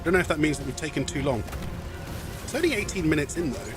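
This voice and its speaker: A man's voice: on the high side, sing-song, fast, over music. A man streaming a video game, chatting in a rambling way and often laughing. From half Scottish. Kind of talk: live game stream commentary.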